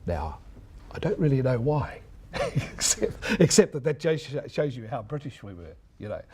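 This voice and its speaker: A man's voice: mid-range voice, sing-song, moderate pace, a little mellow. An older man, a veteran radio broadcaster lecturing students, telling anecdotes and mimicking old announcers. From New Zealand. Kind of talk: reminiscing lecture.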